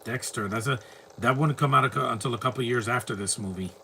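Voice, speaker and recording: Man, film commentary, casual, opinionated, ranting, sharp bright voice. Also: medium pitch, fast talker, vocal fry, a little hiss or hum. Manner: opinionated, ranting, rambling asides.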